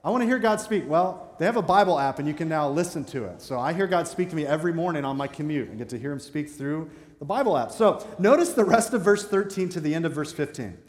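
A man's voice: on the high side, animated, fast talker, hardly any pauses, a little mellow. A man preaching a sermon as pastor, talking conversationally and turning to the congregation with asides. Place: church sanctuary. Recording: echoey hall with long reverb.

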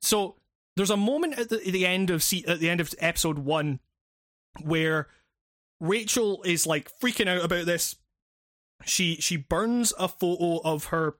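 A man's voice: sits high, unhurried, a bit bright, dry recording, studio quality. A man recapping a video game plot in casual chat, rambling and swearing, with many fillers and restarts.

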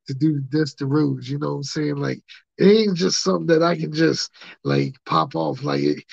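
A man's voice: a little high, creaky, breathy edge, dry recording. A man hosting a rambling solo podcast, talking loosely with lots of laughter and "you know what I'm saying" fillers, on dull lo-fi audio. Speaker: podcast host.

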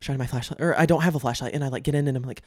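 A woman hosting a casual podcast chat in a bathroom, telling stories in animated bursts. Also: rumbling low, rapid-fire, no echo, studio quality. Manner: animated storytelling with bursts of exclamation. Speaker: podcast host.

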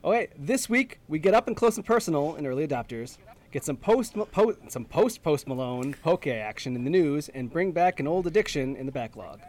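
A man's voice: a little high, expressive, brisk, a little mellow. Joking man hosting a podcast call. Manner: joking, sing-song, stumbles over names. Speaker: podcast host. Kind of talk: casual chat. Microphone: video call.

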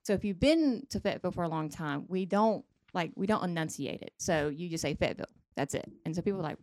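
A woman with a Southern American accent hosts a casual podcast chat. She rambles and giggles as she talks, her voice a little low for a woman. The sound is dry and close up. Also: lively intonation, quick pace, few pauses, a little mellow, no echo. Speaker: podcast host.

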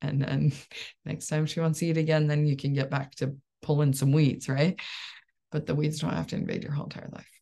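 Low gravelly woman coach chatting along, upbeat, laughs a lot. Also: little pitch movement, a little fast, warm tone. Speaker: life coach and support group host. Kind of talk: casual solo coaching talk.

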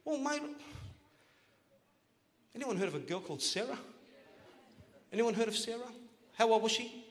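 A man preaching a sermon as pastor, playful and joking, then rising to loud, emphatic calls to the congregation. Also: very high voice, big pitch swings, moderate pace, pauses often. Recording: long church hall reverb.

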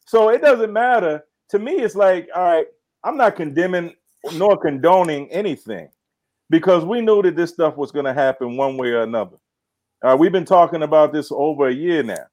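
A man with a slightly higher-than-average voice co-hosts a podcast. He makes a long, earnest political argument in a conversational way. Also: expressive, moderate pace, a little mellow. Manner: agreeing interjections, then earnest argument. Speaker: podcast co-host. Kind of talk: political commentary.

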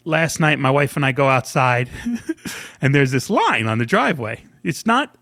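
A man's voice: mid-range voice, expressive, normal speed, fairly bright tone, dry recording. A man from New York telling a story in casual chat. He acts out the people he quotes and laughs often. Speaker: podcast co-host.

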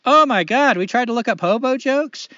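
A man's voice: extremely high pitch, moderate pace, no room sound, lo-fi sound. A man hosting a casual podcast chat, telling stories and jokes with lots of laughter. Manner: animated storyteller, joking and laughing. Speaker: podcast host.

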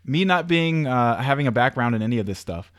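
A man's voice: medium pitch, animated, a little fast, a bit bright, dry recording, clean studio sound. A man co-hosting a casual podcast, laid-back and joking as he steers the talk from topic to topic. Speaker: podcast co-host.

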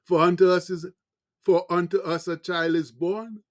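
A man's voice: high-pitched, fairly even intonation, moderate pace. A man preaching a sermon, reading scripture aloud and adding emphatic, exclaiming commentary.

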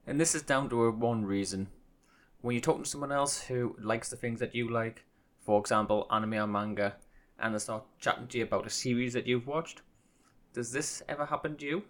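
A man's voice: mid-range voice, fairly even intonation, brisk. A man hosting a casual solo podcast, rambling and self-deprecating, with hesitations and restarts. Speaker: podcast host.

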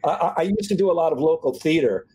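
A man hosting an interview podcast, talking in an animated way with stumbling restarts and self-deprecating asides. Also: fairly high pitch, fast, rough recording. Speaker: podcast host. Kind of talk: interview conversation.

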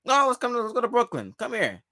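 A man's voice: extremely high pitch, huge pitch swings, quick pace, sharp tone, no room sound, studio quality, voice pushed up, full character voice. A man doing a mocking impression of a whiny, self-centered male star athlete in a podcast. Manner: mocking, singsong, pleading.

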